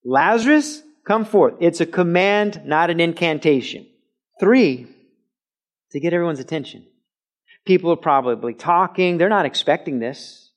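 A man preaching in a church sanctuary, teaching in a conversational way and breaking into loud shouted quotes now and then. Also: a little high, moderate pace, long pauses. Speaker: pastor. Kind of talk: sermon. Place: church sanctuary with a mic system.

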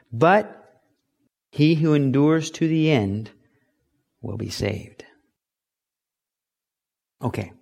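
Man preaching a storytelling sermon. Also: mid-range voice. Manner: storytelling, acts out loud shouting quotes. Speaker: pastor.

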